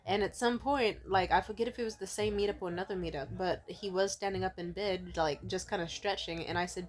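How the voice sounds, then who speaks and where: A woman's voice: medium pitch, fairly even intonation, a little fast, hardly any pauses. A young woman vlogger telling a candid, profane story in a casual way and laughing often.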